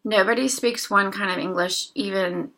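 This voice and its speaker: A woman teaching a language lesson, reading short dialogues aloud slowly and explaining each phrase, with a sore throat she keeps clearing. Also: mid-range voice, steady tone, sharp tone, a little hiss or hum.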